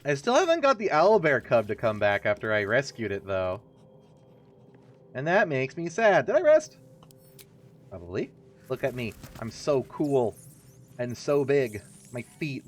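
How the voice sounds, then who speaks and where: A man's voice: medium pitch, sing-song, moderate pace. A man streaming a video game, giving casual, rambling, jokey and self-mocking commentary as he plays. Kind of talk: casual let's-play commentary.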